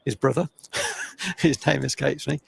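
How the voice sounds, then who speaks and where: Gravelly older male cricket commentator. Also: mid-range voice, slow. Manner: chatty, opinionated, self-deprecating. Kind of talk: live sports commentary.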